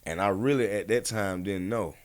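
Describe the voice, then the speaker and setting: Man, very low voice, laid-back slangy podcast guest, rambling storyteller. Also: normal speed, clean tone. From Atlanta, USA. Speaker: rapper guest. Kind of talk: casual podcast interview storytelling.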